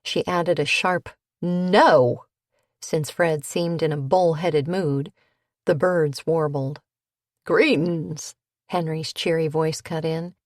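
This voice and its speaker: Woman, audiobook narrator, unhurried pace, lowish voice, dry close sound. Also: fairly even intonation, no room sound. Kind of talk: scripted narration.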